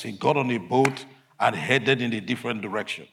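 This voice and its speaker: A man preaching a sermon, emphatic, swinging between loud declarations and quiet asides. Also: mid-range voice, fairly quick, gravelly.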